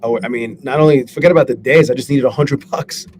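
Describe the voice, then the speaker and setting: A man on a live stream, swearing a lot and talking excitably while he reads out viewers' names and goes over his trades. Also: medium pitch, fast. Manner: profane, excitable, shouts out chat viewers. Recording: steady background noise.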